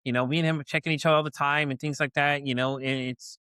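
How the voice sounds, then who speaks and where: A fast-talking middle-aged man tells a story on a podcast, circling back with lots of fillers and acting out the quotes. His voice is bright and a little high, and it sits close and dry in the recording. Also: steady tone, clean tone, no room sound. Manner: rambling, lots of "you know" and "like", acts out quotes. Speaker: podcast host. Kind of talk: casual storytelling chat.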